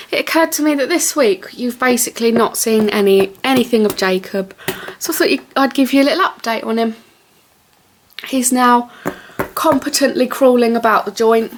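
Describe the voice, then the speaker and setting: A woman's voice: a little high, slight background noise. A young woman chatting casually to camera at home, rambling with lots of fillers. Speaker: vlogger.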